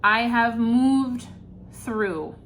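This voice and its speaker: A woman's voice: fairly high pitch, very slow, a bit bright, a little hiss or hum. A woman giving an intuitive tarot reading, earnest and searching for words with many fillers. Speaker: tarot reader.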